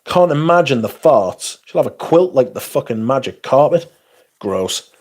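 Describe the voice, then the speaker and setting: A man's voice: medium pitch, animated, normal speed, darkish tone. A man hosting a livestream, chatting casually as he reads viewer comments aloud in a blunt, profane, sarcastic way. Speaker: livestream host.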